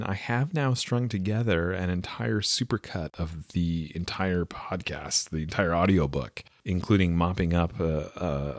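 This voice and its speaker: A man's voice: low voice, no echo, studio quality. A man with a West Coast Canadian accent, a podcast host and audiobook reader chatting casually in a jokey, self-deprecating way. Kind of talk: casual chat.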